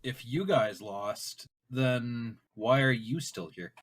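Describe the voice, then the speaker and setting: Male tabletop player, sardonic, very slow talker, bright, edgy tone. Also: mid-range voice, animated. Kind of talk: casual tabletop role-play.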